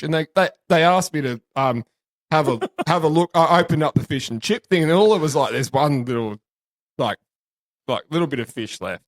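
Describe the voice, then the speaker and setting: A young Australian man hosts a rowdy podcast among mates, rambling through crude stories. His voice sits a little high and swings widely, and he swears freely and keeps breaking into laughter. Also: expressive, a little fast. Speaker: podcast host. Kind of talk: crude casual banter.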